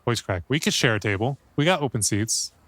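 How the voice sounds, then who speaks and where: A man's voice: mid-range voice, animated, a little fast, a bit bright. A man giving casual, joking commentary while playing a game and reading dialogue choices aloud. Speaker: gaming streamer.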